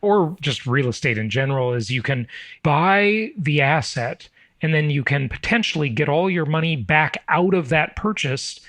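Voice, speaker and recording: A middle-aged man hosting an interview podcast, chatty, with quick asides and self-corrections. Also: on the high side, animated, a bit bright, no echo. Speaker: podcast host.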